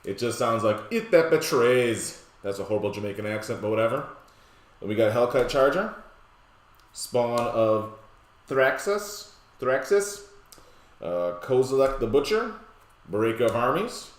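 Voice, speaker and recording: A man casually walking through a card game deck, rattling off long lists of cards with relaxed, joking asides. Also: mid-range voice, unhurried, long pauses. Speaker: deck tech presenter. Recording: roomy echoey room.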